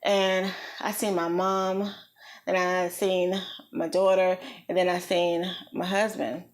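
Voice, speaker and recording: A woman vlogger recounting a personal experience in an earnest, reflective way, slow and halting with many pauses. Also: fairly low pitch, flat delivery. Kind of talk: personal storytelling.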